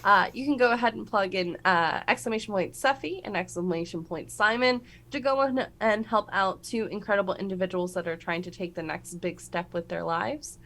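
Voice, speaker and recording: A woman's voice: medium pitch, brisk, hardly any pauses, fairly bright tone. A woman hosting a tabletop game stream, reading announcements in a chatty way with many ums and uhs. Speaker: game master and show host.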